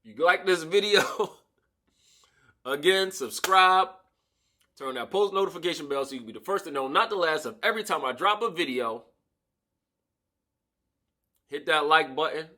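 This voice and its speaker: A man telling a story in a casual storytime vlog, slangy and animated, acting out the people in the story, recorded on a camera-mounted shotgun mic. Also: medium pitch. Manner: animated, slangy, acts out the voices of people in his stories.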